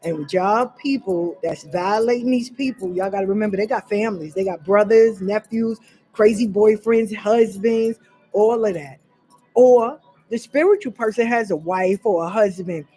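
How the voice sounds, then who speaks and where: Faint music plays behind a woman vlogger as she speaks unscripted about her personal experience. Fiery and direct, she calls listeners y'all, swears bluntly and repeats words for emphasis, her medium-pitched voice warm with a breathy edge at a normal speed.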